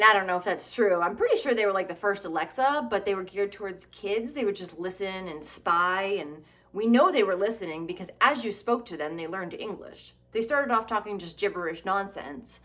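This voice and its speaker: A woman's voice: medium pitch, normal speed. Sarcastic woman vlogger, swearing freely. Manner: sarcastic, swearing, animated asides. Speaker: comedy vlogger. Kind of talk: casual comedic commentary.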